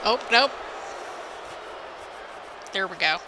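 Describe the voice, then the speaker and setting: A woman giving excited, anxious play-by-play commentary over a wrestling video game, exclaiming often and talking to viewers as "people". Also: mid-range voice, very slow, background noise. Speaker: gaming video host.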